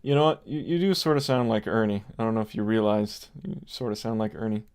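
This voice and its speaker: A man's voice: on the low side, brisk, a little mellow, clean tone. A man hosting his channel, chatting casually and reading viewer messages aloud. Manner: reads viewer messages aloud and teases the chat. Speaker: YouTube creator. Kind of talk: casual livestream chat.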